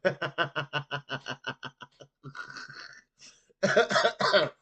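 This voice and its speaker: A man's voice: fairly high pitch, lively intonation, extremely slow, sharp tone, husky. A man hosting a casual fight recap livestream, talking loosely with a groggy morning voice and lots of "you know what I'm saying" filler. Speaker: livestream host.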